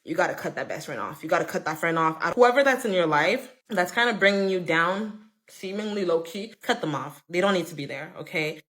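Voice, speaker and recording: Woman, lowish voice, chatty casual storyteller, emphatic. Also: animated, fairly quick, fairly bright tone. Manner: chatty, emphatic, full of "like" and "okay?"; acts out quoted friends with raised pitch.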